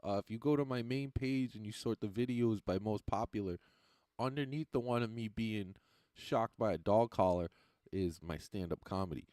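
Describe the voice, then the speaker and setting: A man's voice: lowish voice, moderate pace, darkish tone, dry recording, clean studio sound. A man who does stand-up comedy, chatting casually with viewers on a livestream in a loose, rambling, profane way and often laughing at his own lines.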